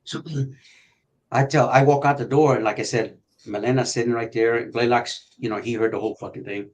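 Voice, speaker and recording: An older man and retired detective telling police stories in a profane, animated way, acting out shouting as he goes. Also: mid-range voice, brisk, low-quality recording. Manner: profane, animated storyteller who acts out shouting. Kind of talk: storytelling on a podcast.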